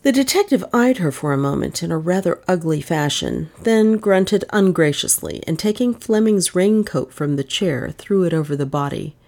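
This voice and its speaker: A woman reading a novel aloud as an audiobook narrator, with expressive storytelling. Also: lowish voice, moderate pace, few pauses. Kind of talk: scripted narration.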